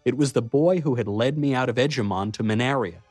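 A man's voice: mid-range voice, fairly quick, darkish tone, no echo, soft background music. Man narrating an audiobook in first person.

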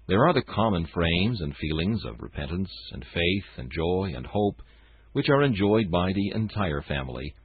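A man reading a morning devotional in a solemn, measured way. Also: deep voice, sing-song, slightly rough, dry recording. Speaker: devotional reader. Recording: tinny phone-like dry sound.

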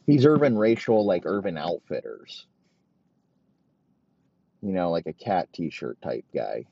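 Deep-voiced man ranting crudely. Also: moderate pace, warm tone, no room sound. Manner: crude, rambling, heavy swearing, mock outrage. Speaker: podcast host. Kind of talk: profane comedic rant. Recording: dull, dry lo-fi recording.

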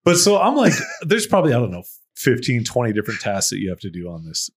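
A man's voice: medium pitch, wildly swooping pitch, fast. A man telling a story in casual podcast chat, laughing often and swearing freely. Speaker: podcast co-host.

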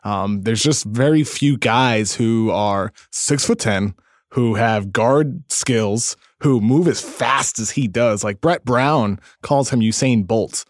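A man's voice: medium pitch, slow pace, no echo, clean studio sound. A man from Massachusetts co-hosting a sports podcast in easygoing casual chat, often laughing. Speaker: podcast co-host, basketball writer.

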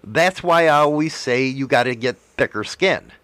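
A man hosting a podcast, his pitch swinging up and down as he talks. He swears freely and leans hard on his points, and his voice sounds close and dry. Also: expressive, normal speed, a bit bright, no room sound. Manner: profane, emphatic storytelling. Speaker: podcast host and motovlogger. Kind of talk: casual chat.

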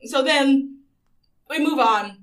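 A woman's voice: sits high, slow pace, far from the mic. A young woman co-hosting a podcast, recapping a reality show in casual chat, laughing often and leaning on "like". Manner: chatty, laughs often, fillers like "like". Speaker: podcast co-host.

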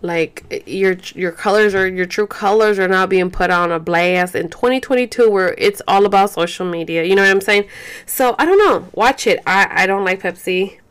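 Speaking at a moderate pace, this young woman has a clear, resonant mid-range voice. She's a profane, rambling vlogger chatting to camera, code-switching into Spanish amid frequent fillers and false starts.

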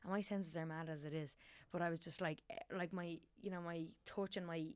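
Fast-talking Irish woman, chatty. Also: fairly low pitch, steady tone, clear, resonant tone, dry recording. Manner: chatty, rambling, many fillers and restarts. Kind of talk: casual podcast chat.

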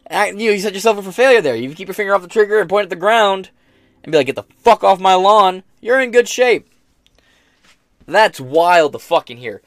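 A man's voice: high-pitched, lively intonation, a little fast, fairly bright tone, dry recording, studio quality. An American man hosting a podcast, reacting to news in a blunt, profane rant. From United States. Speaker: podcast host. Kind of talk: casual reaction commentary.

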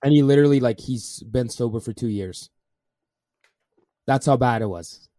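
A man's voice: mid-range voice, moderate pace, mellow, no room sound, studio quality. A young man in a casual podcast chat, telling laid-back anecdotes with plenty of swearing.

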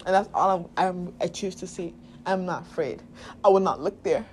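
A woman's voice: lowish voice, moderate pace, darkish tone, a little hiss or hum. A woman from Nigeria hosting a podcast, talking in a casual, candid, profane way, laughing often and leading affirmations. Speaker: podcast host. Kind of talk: casual spiritual podcast monologue.

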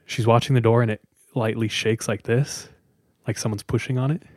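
A man hosting a podcast, casually telling a scary story with dramatic pauses and lots of "like.". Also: medium pitch, no echo, clean studio sound. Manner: relaxed, dramatic pauses, many "like"s.

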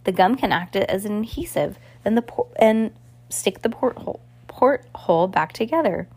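A woman voicing a determined, quick-thinking teenage girl in a storybook reading, with brisk, clipped lines. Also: mid-range voice, expressive, a little mellow. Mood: urgent.

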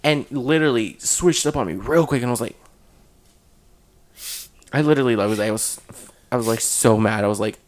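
A young man telling a story in casual chat with friends, animated and swearing, talking in fast bursts. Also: mid-range voice.

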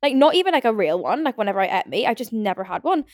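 A woman's voice: a little high, very animated, rapid-fire, a little mellow, no room sound, studio quality. A young woman hosting a casual solo podcast, rambling and chatty with lots of "like". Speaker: podcast host. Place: home.

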